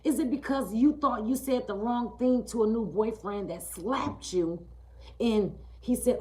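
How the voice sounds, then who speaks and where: A woman hosting a live stream, speaking emphatically and repeating her points, often checking in with "okay?" and dropping low and quiet on key lines. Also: unhurried, poor audio. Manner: emphatic, repetitive, keeps asking "okay?". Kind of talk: live-streamed motivational talk.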